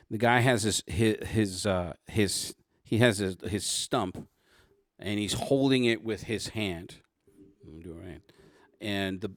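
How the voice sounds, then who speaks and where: A man narrating a tabletop role-playing game as game master, describing scenes in halting, restarting sentences. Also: on the low side, no echo, clean studio sound.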